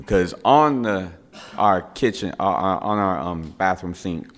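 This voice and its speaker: A middle-aged man, a father, telling a family story in a casual, animated way and repeating words for effect. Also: deep voice, a little slow. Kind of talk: casual spoken anecdote.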